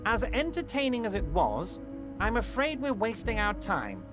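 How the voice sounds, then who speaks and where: Man voicing a smug, ingratiating big shot; high and sing-song, faint game score behind. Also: huge pitch swings, moderate pace, over music. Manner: ingratiating, mock-concerned. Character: smug, fawning, powerful middle-aged man.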